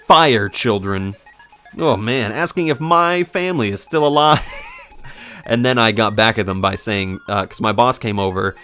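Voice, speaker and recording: A man's voice: fairly low pitch, moderate pace, fairly bright tone, faint music behind. A man in his twenties, a game commentator telling a casual story in a sarcastic, profane way. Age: 20s.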